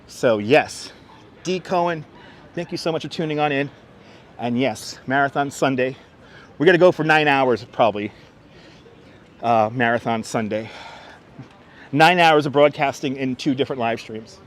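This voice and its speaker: A man's voice: mid-range voice, moderate pace, long pauses. A man hosting a live stream as he walks through city streets, chatting and greeting viewers by name while reading the chat aloud. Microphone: wireless clip-on mic. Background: faint street and traffic noise.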